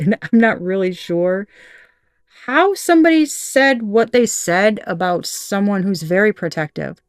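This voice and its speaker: A woman's voice: mid-range voice, darkish tone, dry recording, studio quality. A woman giving a casual tarot reading, candid and profane, laughing often and acting out little quoted voices. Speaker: tarot reader.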